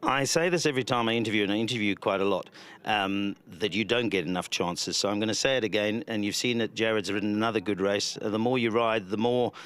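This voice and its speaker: A man's voice: fairly low pitch, quick pace, smooth. A man with a South African accent presenting racing and interviewing a jockey in a chatty way. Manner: chatty, warmly congratulating. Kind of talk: post-race interview.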